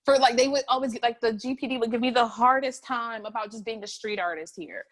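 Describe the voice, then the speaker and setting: A young woman recounts her life in an oral history interview. Her voice sits high and lively, and she laughs often while it catches with emotion. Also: quick pace. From North Carolina, USA. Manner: animated, laughing, voice breaking with emotion. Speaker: interviewee, street artist.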